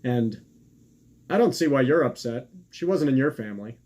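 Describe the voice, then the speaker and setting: A man's voice: mid-range voice, lively intonation, normal speed, darkish tone, close to an everyday voice. A man doing a smug, rambling acquaintance. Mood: dismissive. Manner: chatty, self-assured, dismissive. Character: overfamiliar middle-aged man rambling excuses and conspiracies.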